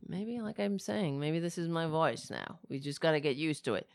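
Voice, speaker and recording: A woman with a cracking, raspy voice, talking casually at home in a rambling, swearing vlog. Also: sits low, moderate pace, no room sound, studio quality. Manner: swears freely, rambles and talks to her cats.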